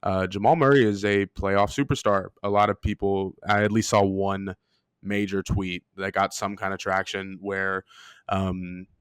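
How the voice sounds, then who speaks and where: A man with a lowish, smooth, clear voice co-hosts a casual sports podcast. He talks with enthusiasm and uses many fillers. The mic is dry and close. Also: steady tone, a little slow, no echo. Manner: enthusiastic, filler-heavy, laughs often. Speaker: podcast co-host.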